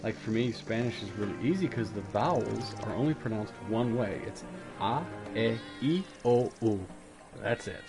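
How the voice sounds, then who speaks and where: Male streamer, deep-ish and creaky, thinks aloud over clear game music. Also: expressive, moderate pace. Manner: rambling, thinking aloud while playing. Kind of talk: casual gameplay chat. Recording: game music loud behind voice.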